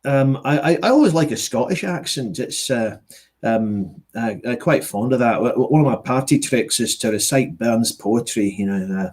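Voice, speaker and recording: A man's voice: mid-range voice, lively intonation, moderate pace, darkish tone. A middle-aged man from Yorkshire who narrates audiobooks, chatting loosely with a lot of fillers and restarts. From Yorkshire, England. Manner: rambling, many fillers and restarts. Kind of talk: casual conversation, online book club.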